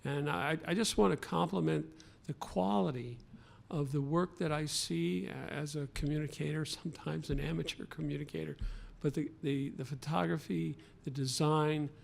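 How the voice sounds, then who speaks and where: A man who runs a transit agency's outreach, speaking at a press conference, halting, with many fillers and restarts. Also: on the high side, steady tone, gravelly. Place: press club event room.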